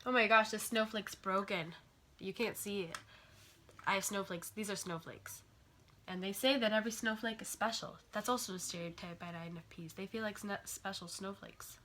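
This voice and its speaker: A woman's voice: mid-range voice, normal speed, bright, forceful tone, slight background noise. A woman vlogger rambling casually to the camera, scattered and self-deprecating, often apologizing.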